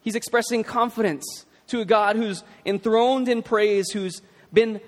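Male pastor, conversational sermon delivery, lifted pitch, reverberant church hall. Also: steady tone, a little slow. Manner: conversational, emphatic preaching. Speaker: preacher.

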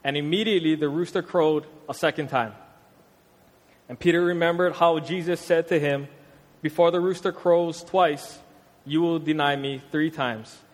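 A young man delivers a casual sermon, easygoing and full of slang. His voice sits a bit high for a man, and a long church-hall reverb trails every phrase. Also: moderate pace. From Hawaii. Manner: conversational, animated, street slang. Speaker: preacher.

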